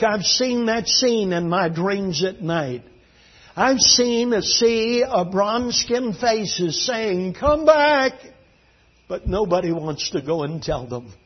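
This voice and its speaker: A man preaching a sermon as a fervent, dramatic storyteller whose voice swings between hushed and loud. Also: on the high side, husky. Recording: dull lo-fi recording.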